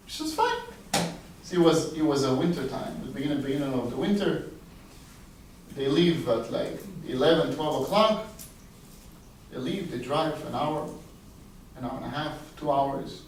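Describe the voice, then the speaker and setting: A rabbi giving a storytelling sermon, a man who acts out the quoted dialogue with big leaps in pitch. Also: lively intonation, normal speed, pauses often, a little hiss or hum. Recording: echoey room, voice heard from a distance.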